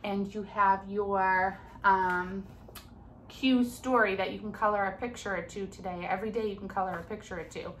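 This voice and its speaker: A woman preschool teacher leading a recorded circle time for small children at home, drawing out sounds in a slow, exaggerated sing-song way. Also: mid-range voice, fairly even intonation, fairly bright tone, a little hiss or hum.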